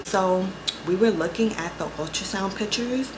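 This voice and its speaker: A young woman vlogger telling a story in a casual, profane, animated way, acting out both sides of the conversations. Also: mid-range voice, normal speed, background noise. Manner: profane, animated storytelling with quoted back-and-forth.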